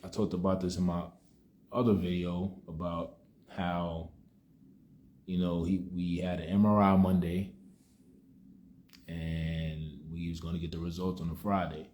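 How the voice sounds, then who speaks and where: Speaking a little slowly with long pauses, a young man gives a casual spoken testimony on his vlog, leaning on "you know" as he rambles. His voice is low, level and a little mellow, his manner subdued and reflective.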